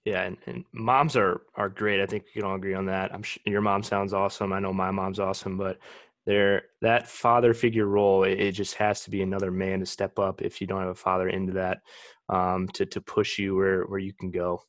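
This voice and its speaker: A man hosting an interview, asking questions in a measured, hesitant and supportive way. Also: low-pitched, level tone, no room sound. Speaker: podcast host.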